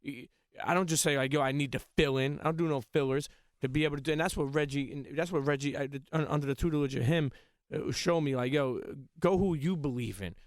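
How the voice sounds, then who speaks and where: A man hosting a podcast interview in a loose, halting way, restarting phrases and leaning on fillers. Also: a little high, no echo, clean studio sound. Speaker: podcast host. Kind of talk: casual interview chat.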